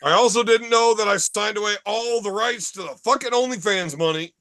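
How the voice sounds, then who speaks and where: A man's voice: high-pitched, fairly quick, sharp tone, no echo. A man hosting a casual bar chat podcast, telling profane, rambling stories. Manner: profane, storytelling. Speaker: podcast host.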